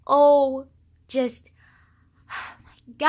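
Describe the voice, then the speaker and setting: A teenage girl talking casually to camera, gushing and excitable, full of sighs, fillers and swearing. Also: mid-range voice, measured pace. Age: teens. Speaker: vlogger. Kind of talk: casual rambling vlog.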